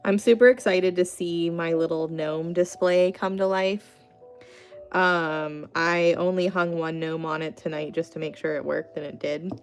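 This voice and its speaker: A woman's voice: on the low side, steady tone, a little slow, faint music behind. A young adult woman hosting a casual livestream, telling rambling, chatty stories full of "like" fillers and answering chat. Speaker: craft artist hosting a livestream.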